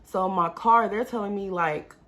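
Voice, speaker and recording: A young woman telling a casual storytime to her viewers, animated and talking straight to them as y'all. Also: medium pitch, moderate pace. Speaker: vlogger.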